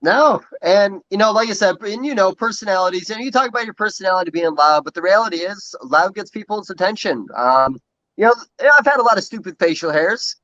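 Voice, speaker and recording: A man hosts a casual podcast and rambles along with loose swearing. He talks fast in a high, bright voice. The sound is dull and muffled. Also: lively intonation. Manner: rambling, profane. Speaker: podcast host. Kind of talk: casual chat.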